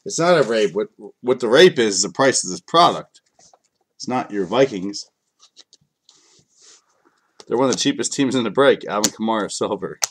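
A man's voice: lowish voice, expressive, moderate pace, pauses often, slightly rough. A man with kids, a bit sick, hosting a live card break in a casual, joking way and talking to viewers by name. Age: adult, has kids. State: a bit sick, clearing throat.

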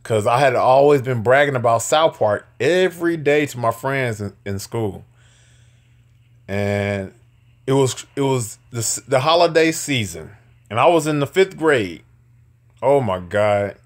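A man in his thirties telling casual stories, animated and profane, laughing often and stumbling over repeated words. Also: medium pitch, takes it slowly, pauses often. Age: 30s. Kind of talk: casual storytelling.

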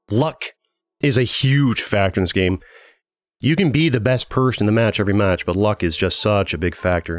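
A man's voice: fairly low pitch, dry recording. A man hosting a gaming channel, giving casual commentary on his own play and thinking aloud with many fillers and restarts.

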